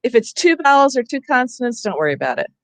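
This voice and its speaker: A woman's voice: a little high, big pitch swings, fast talker, dry recording. A woman training teachers in a casual, conversational lecture, explaining spelling rules with frequent asides. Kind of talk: professional development lecture.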